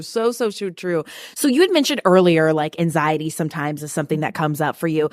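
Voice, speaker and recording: A woman's voice: low voice, brisk, no echo, clean studio sound. A young woman hosting a podcast who chats casually, affirms her guest and laughs often. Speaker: podcast host. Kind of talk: casual interview chat.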